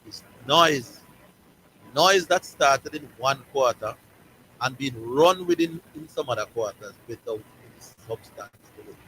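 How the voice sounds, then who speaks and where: A man's voice: mid-range voice, bright, forceful tone, a little hiss or hum, rough recording. A man with a Jamaican accent hosting a sports talk show, giving emphatic opinions and repeating key words for stress.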